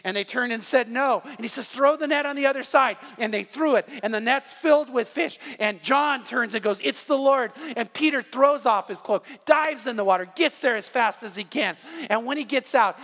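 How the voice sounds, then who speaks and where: High-voiced man preaching in a reverberant hall. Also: normal speed, few pauses, fairly bright tone. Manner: earnest storytelling with frequent repeated starts. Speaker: pastor. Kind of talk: sermon.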